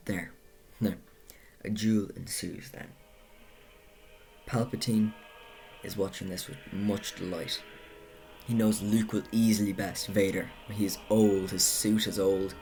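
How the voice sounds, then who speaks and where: A man's voice: fairly low pitch, level tone, unhurried, pauses often, a little mellow, a little hiss or hum. A man narrating a casual video essay, talking conversationally with self-correcting asides. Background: music.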